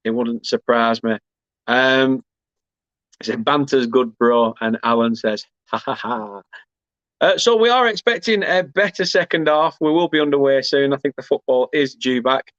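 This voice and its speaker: A man's voice: medium pitch, moderate pace, a bit bright, no echo, muffled recording. Chatty man on a live stream. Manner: chatty, rambling, self-deprecating banter. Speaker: host of a football fan watchalong. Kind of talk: casual live chat, reading out viewer comments.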